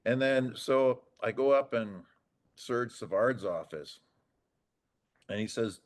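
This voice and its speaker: A man's voice: fairly low pitch, a little slow, pauses often. A man in his sixties, a former hockey player, telling rambling anecdotes on a podcast, acting out the dialogue and chuckling often. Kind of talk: casual storytelling chat.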